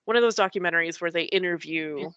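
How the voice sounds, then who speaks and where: A woman's voice: fairly low pitch, quick pace, fairly bright tone, clear, resonant tone, no echo, lo-fi sound. A woman guest telling a personal story in a casual, rambling way, full of likes and ums. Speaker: podcast guest.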